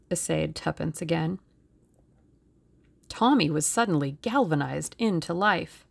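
A woman reads a novel aloud in scripted narration, steady and unhurried. Her voice sits low and moves slowly, with a gravelly fry running through it. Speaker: audiobook narrator.

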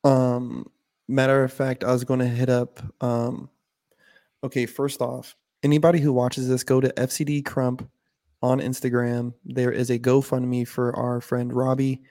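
A man's voice: medium pitch, little pitch movement, a little slow, warm tone, no echo, studio quality. A man co-hosting a casual podcast, telling loose profane stories full of "bro" and "like". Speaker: podcast co-host. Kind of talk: casual chat.

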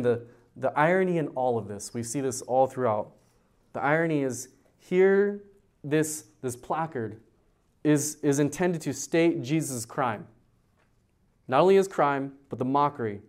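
A man preaching a verse-by-verse sermon as a youth pastor, animated, swinging from loud high emphasis to low quiet points, often repeating words as he starts a sentence. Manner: animated, rises in pitch and volume for emphasis, drops low on key points.

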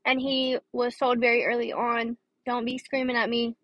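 A young woman talks through her podcast in a loose, rambling way, full of fillers and restarts, tired and dry-throated. Her voice sits a little high. The recording is dry and slightly muffled. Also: flat delivery, normal speed, fairly bright tone, dry recording. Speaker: podcast host. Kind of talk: casual advice podcast.

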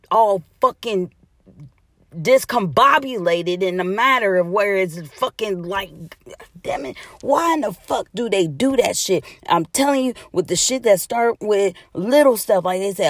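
A woman's voice: medium pitch, no room sound, studio quality. A woman hosting a comedy-therapy podcast, delivering a profane, emphatic rant full of repetition. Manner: heavy cursing, emphatic and repetitive. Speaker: podcast host.

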